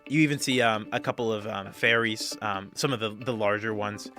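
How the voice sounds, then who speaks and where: A man's voice: on the low side, fairly even intonation, moderate pace, pushed and bright, faint music behind. A man narrating a tabletop game as game master, rambling with many fillers. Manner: rambling, lots of fillers, laughs often.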